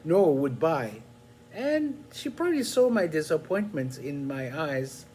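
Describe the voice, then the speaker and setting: An older man telling a personal story in an unhurried, reflective way, pausing often with small fillers. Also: on the high side, sing-song, darkish tone, husky.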